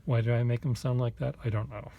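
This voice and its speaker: A man vlogging casually, thinking aloud in a halting, self-deprecating way, with muttered asides. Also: medium pitch, steady tone, gravelly, dull audio, slight background noise.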